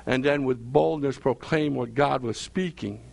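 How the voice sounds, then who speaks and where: A man's voice: mid-range voice, measured pace, vocal fry. A male pastor preaching a sermon, repeating phrases for emphasis and calling out questions to his congregation.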